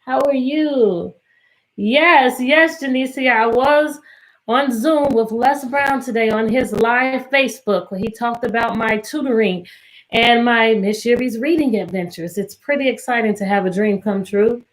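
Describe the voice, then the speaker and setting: A cheerful woman teacher from Virginia talks to children on a video call. Her voice sits a little high, and she greets each kid by name with bright encouragement. Now and then she half-sings a question to the group. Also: unhurried, low-quality recording. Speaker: teacher and tutor hosting an online read-aloud. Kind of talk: live online reading session with children.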